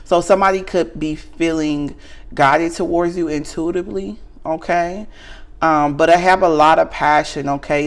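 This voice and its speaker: A woman with a Southern US accent giving a casual tarot reading straight to the viewer, frank and earnest, ending almost every sentence with a questioning "okay?". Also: low voice. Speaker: tarot reader.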